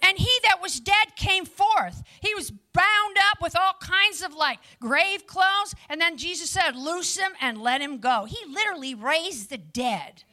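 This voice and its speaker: A woman preaching a lively sermon to a live audience, with chatty asides to the listeners. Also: very high voice, unhurried, few pauses.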